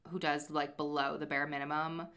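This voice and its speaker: Chatty young woman, bright voice. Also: sits low, moderate pace, clear, resonant tone. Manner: chatty, animated storytelling with many fillers. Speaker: podcast co-host. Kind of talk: casual chat about books.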